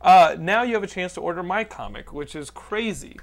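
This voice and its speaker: A man's voice: sits high, expressive. A man hosting a podcast in casual, joking chat, often profane and teasing. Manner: joking, profane, quick to tease. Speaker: podcast host.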